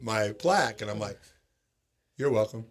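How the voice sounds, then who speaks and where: A man's voice: on the low side, moderate pace. A middle-aged man from Sacramento who owns roller rinks, telling stories in a casual chat and acting out the voices of the people he quotes. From Sacramento, California. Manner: animated, acts out quoted voices. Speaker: roller rink owner, podcast guest.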